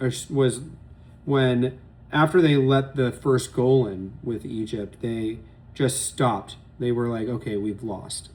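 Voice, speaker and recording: A man's voice: medium pitch, darkish tone. Profane rambling sports talk guy. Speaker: sports podcast host. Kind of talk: casual solo sports commentary.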